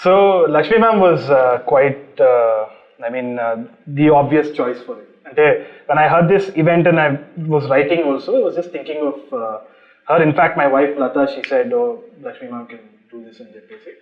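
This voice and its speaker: Quick, animated man. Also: a little high. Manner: animated storytelling with laughter. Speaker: film director. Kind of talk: casual interview chat. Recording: slightly muffled audio.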